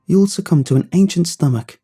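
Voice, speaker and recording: A man voicing an eerie little girl in a horror story, speaking in a shrill, pleading way. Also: expressive, normal speed, dark tone, faint music behind, natural voice. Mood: menacing.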